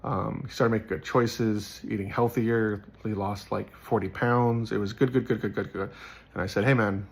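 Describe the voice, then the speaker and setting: A man's voice: lowish voice, fairly even intonation, normal speed, vocal fry, slightly rough. A man giving a casual Bible teaching, earnest and rambling, telling personal stories and repeating phrases for emphasis.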